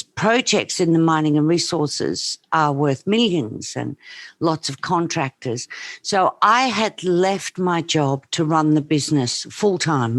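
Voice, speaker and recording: A woman's voice: low voice, no echo. A middle-aged Australian woman, a business coach, telling her story in an earnest, passionate way over a remote call. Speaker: business coach, podcast guest. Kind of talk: casual interview.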